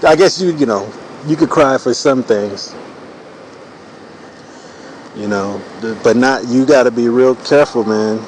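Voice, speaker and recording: A man's voice: medium pitch, measured pace, long pauses, darkish tone, slight background noise, poor audio. A man in his forties riffing through a loose, profane comedic monologue while he draws cartoons, full of "you know" fillers. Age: 40s. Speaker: streamer drawing cartoons.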